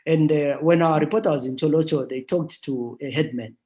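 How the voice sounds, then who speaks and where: A man's voice: a little high, fairly quick, warm tone. Earnest male radio host. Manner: earnest, appealing to listeners. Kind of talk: radio interview.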